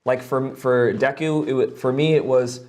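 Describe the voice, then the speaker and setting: A man's voice: mid-range voice, fairly even intonation, normal speed, a little mellow. A young man streaming live, giving casual advice on voice acting with lots of "like" fillers and blunt swearing. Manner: loose and profane, lots of "like" fillers.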